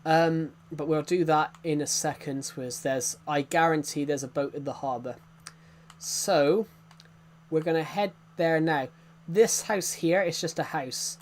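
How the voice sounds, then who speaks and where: A man's voice: on the high side, a little slow. A young British man streaming a game, giving a rambling casual tour with lots of fillers and restarts. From Britain.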